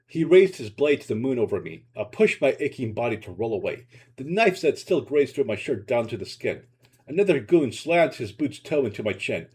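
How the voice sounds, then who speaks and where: Guy reading his own short story, husky voice, pitch all over the place. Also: normal speed. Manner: expressive, dramatic narration.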